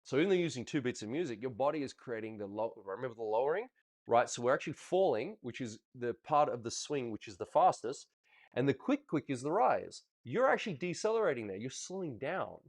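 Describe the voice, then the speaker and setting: A man coaching a ballroom student over video, chatty and encouraging, counting steps out loud. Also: medium pitch, very animated, a little fast.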